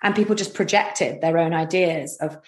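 A woman's voice: deep voice, moderate pace, darkish tone, echoey room. A woman with a posh English accent, a guest telling candid stories in a chatty, self-mocking way with lots of filler words. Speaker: guest, comedy content creator. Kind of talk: candid conversational storytelling.

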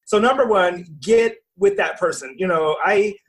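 A woman's voice: mid-range voice, normal speed. A woman who is a guest in a casual interview, speaking with enthusiasm about her own experience. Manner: enthusiastic, tells personal stories. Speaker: guest, event organizer.

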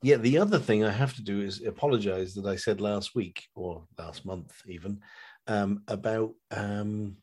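A man chatting as a guest with a podcast host, animated and swearing freely. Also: lowish voice, normal speed, husky. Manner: animated, swears, slips into mocking voices. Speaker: podcast guest, host's friend. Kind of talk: casual chat.

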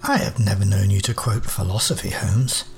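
A man's voice: fairly low pitch, normal speed, creaky. A man voicing a loyal, easily exasperated doctor who narrates the tale in an earnest, formal way.

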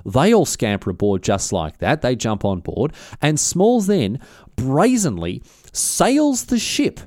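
A man's voice: mid-range voice, sing-song, takes it slowly, a little mellow, no room sound. Rambling man telling history. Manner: rambling, filler-heavy, matey retelling with slang. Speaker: podcast host. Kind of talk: casual history storytelling.

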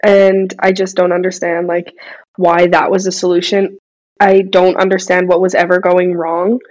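A woman's voice: on the low side, normal speed, muffled recording. A young woman guesting on a podcast, telling stories animatedly with lots of fillers in casual chat. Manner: animated storyteller, many fillers.

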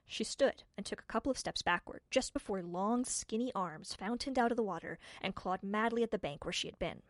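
A woman's voice: mid-range voice, dry recording. Woman reading a storybook aloud, dry. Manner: expressive, measured. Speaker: audiobook narrator. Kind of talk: scripted storybook narration.

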